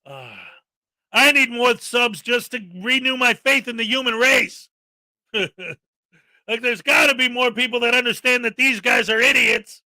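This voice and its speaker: A man hosts a commentary video in an exasperated, sarcastic rant. His voice sits very high, with a sharp, piercingly bright edge. He talks like he has run out of patience. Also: measured pace, dry recording, rough recording. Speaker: commentary channel host.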